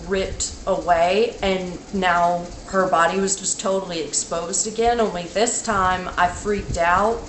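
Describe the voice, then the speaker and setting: Woman vlogging about a dream, slow rambly halting talk, lots of like, echoey room. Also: mid-range voice. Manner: halting and rambling, full of "like" and restarts. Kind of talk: casual spoken dream recounting. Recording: echoey room with faint noise.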